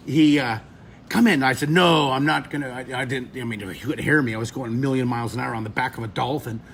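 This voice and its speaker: A middle-aged man teaching drawing, telling an animated story to kids, lively and expressive, leaping into shrieks for effect. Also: medium pitch, slight background noise.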